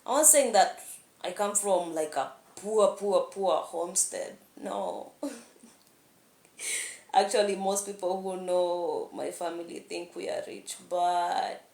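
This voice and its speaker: A woman's voice: lowish voice, slow pace, creaky, darkish tone. A young woman talking candidly in a rambling vlog monologue, laughing often. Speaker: vlogger. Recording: echoey room.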